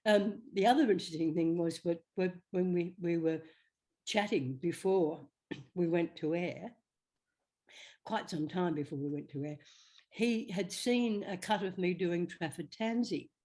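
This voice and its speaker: A woman's voice: on the low side, unhurried. Chatty older woman telling stories. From Australia. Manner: chatty, animated, slips into quoted voices. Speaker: interview guest, actress. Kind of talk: anecdotal storytelling.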